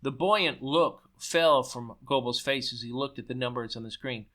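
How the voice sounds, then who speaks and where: A man's voice: mid-range voice, moderate pace, hardly any pauses, fairly bright tone. A man reading his own story aloud, stumbling and correcting himself as he goes.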